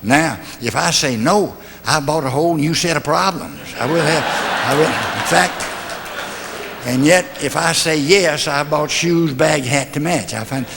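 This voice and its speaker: An older man delivers a folksy motivational speech, mixing jokes and rhetorical questions. His voice sits a bit high for a man. It rings out with the long reverb of a large hall. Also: a little slow, vocal fry, background noise. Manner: homespun humor, rhetorical questions, confiding asides. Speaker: motivational speaker.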